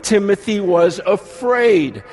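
A man in his forties preaching a sermon to a live congregation, animated and quick to act out the people he quotes, swinging between urgent and hushed. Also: high-pitched. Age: 40s. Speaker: pastor.

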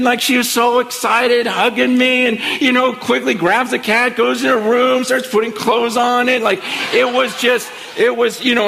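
Gravelly high-voiced preacher in a big hall. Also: male voice, a little hiss or hum. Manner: storytelling, excitable, conversational preaching. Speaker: pastor. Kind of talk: sermon.

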